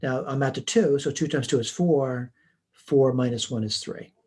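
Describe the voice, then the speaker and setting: A man's voice: medium pitch, normal speed, darkish tone, slightly rough. A man teaching a recorded math lesson, working through homework problems step by step in a plain, methodical way. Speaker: math instructor. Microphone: computer mic while writing on a tablet.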